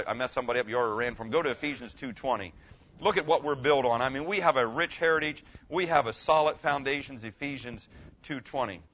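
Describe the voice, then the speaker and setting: A man's voice: mid-range voice, a bit bright. A man preaching a sermon as pastor, emphatic, putting questions to his congregation. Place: room with a congregation. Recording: dull lo-fi recording.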